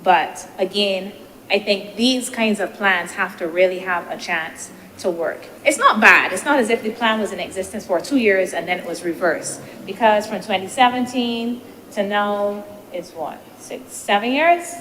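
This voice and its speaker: A woman senator giving a measured, deliberative parliamentary speech, posing rhetorical questions, into a desk microphone in a legislative chamber. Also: medium pitch. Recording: reverberant chamber with faint noise.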